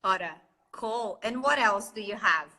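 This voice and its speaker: Give me a Brazilian woman with a Brazilian accent speaking slow English in a fairly high voice. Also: sharp tone, rough recording. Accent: Brazilian Portuguese. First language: Portuguese. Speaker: English teacher and host. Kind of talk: casual live-stream chat.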